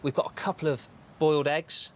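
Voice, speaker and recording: In a TV studio kitchen, a chef demonstrates a recipe on a TV show, staying chatty and upbeat and full of tips. His voice is a little high and fairly bright, with a steady tone and a brisk pace.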